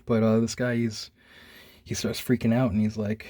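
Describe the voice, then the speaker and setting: A man's voice: on the low side, completely flat delivery, normal speed, mellow, no room sound, clean studio sound. A young man casually reviewing a comic, rambling in a laid-back way with lots of "like" and "man".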